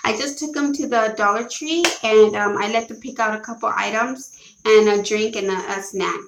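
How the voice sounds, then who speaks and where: A woman's voice: fairly high pitch, fairly bright tone, reverberant, slight background noise, low-quality recording. A woman with children chatting casually to live viewers as she shows off a shopping haul, rambling and correcting herself as she goes. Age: adult with children. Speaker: vlogger showing a shopping haul.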